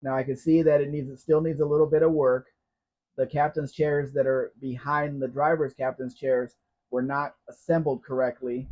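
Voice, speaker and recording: A man's voice: mid-range voice, little pitch movement, moderate pace, darkish tone. Guy hosting a live q&a stream, reads chat comments, dry jokey chatty tone, dull lo-fi sound. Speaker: host.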